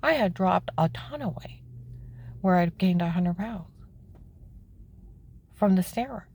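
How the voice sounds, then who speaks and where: A woman telling the story of her own life in plain words, emphatic and indignant, her voice climbing high when she is upset. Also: animated, measured pace, darkish tone, breathy edge. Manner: plain-spoken, with frequent "okay?" asides. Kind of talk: personal testimony, candid storytelling.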